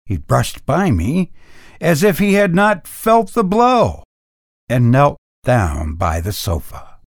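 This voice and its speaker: A man narrates a first-person tale in a slow, dramatic storybook reading. His pitch rises and falls widely as he tells it. The recording is close and dry, with no room echo. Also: very animated.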